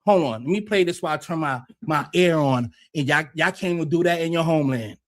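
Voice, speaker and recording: A man's voice: fairly high pitch, fast, fairly bright tone. An American man hosting a livestream, ranting in a heated, profane, combative way and often repeating himself. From United States. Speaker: livestream host.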